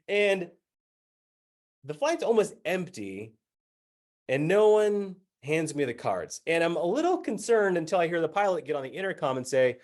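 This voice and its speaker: A man with a medium-pitched voice tells a personal story at a brisk pace, animated throughout, acting out other people's lines in different voices and laughing along the way.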